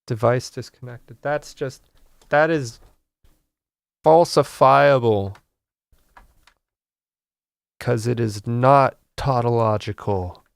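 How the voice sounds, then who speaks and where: Gravelly guy ranting through a tutorial. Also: mid-range voice, drawn-out words, long pauses, no room sound, studio quality. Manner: rambling, frustrated, swears, mock-serious. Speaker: art tutorial host. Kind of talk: casual comedic screen-recorded tutorial.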